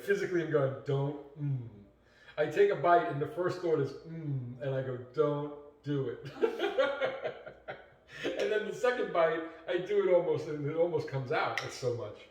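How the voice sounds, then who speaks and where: A man co-hosting a cooking video, joking and laughing as he chats in a home kitchen. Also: on the high side. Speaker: cooking show co-host. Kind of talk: casual kitchen banter. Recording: echoey room from far off.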